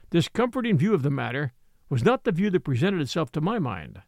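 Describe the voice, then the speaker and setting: A man narrating a classic novel in the first person, expressive and wry. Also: on the high side, a little fast, creaky, dry recording, studio quality. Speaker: audiobook narrator. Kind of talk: scripted narration.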